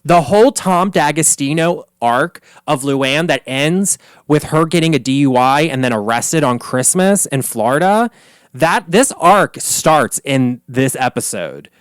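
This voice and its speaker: A man hosting a solo comedy podcast, recapping gossip in an animated, profane way and laughing often. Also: fairly high pitch, measured pace, clean tone, no room sound. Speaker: podcast host.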